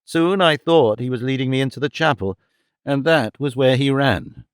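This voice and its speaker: A man narrating a detective story in the first person, even and clear. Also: mid-range voice, normal speed, no room sound, studio quality. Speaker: audiobook narrator.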